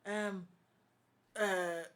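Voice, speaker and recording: This Ghanaian English-accented panelist has a smooth, mid-range voice with a steady tone and drawn-out words. In a passionate talk show discussion she stays forceful and opinionated, repeating points to drive them home.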